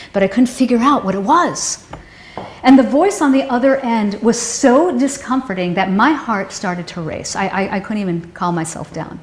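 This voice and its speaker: A woman telling a painful personal story, halting and emotional, often restarting her sentences. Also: fairly high pitch. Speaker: storyteller recounting a personal loss. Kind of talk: personal testimony. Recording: roomy echo.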